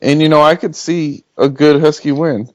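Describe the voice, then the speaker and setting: A man giving plain, measured opinions on football in casual chat. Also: a little high, steady tone. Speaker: co-host.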